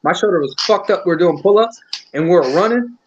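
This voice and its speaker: A high-pitched man spins profane, animated army stories for his old buddies. He keeps jumping into other people's lines as he tells them. His voice comes through slightly dull and lo-fi. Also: fast talker, noisy background. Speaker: army veteran reminiscing. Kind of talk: casual storytelling among friends.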